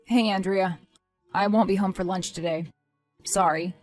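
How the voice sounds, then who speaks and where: A woman voicing a worried, earnest young man who is about to become a father, speaking softly. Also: medium pitch, fairly even intonation, moderate pace, faint music behind, lightly acted.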